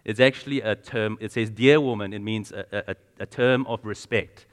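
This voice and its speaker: A man's voice: on the low side, fairly even intonation, moderate pace, smooth. Man preaching conversationally in a reverberant hall. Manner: conversational, asks the congregation questions; frequent restarts and repeated words. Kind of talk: sermon.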